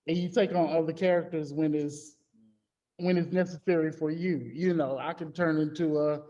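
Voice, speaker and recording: A man's voice: a little high, fairly even intonation, normal speed, warm tone, highs cut off. A man who is an artist, speaking candidly on a panel with frequent ums. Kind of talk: casual panel discussion.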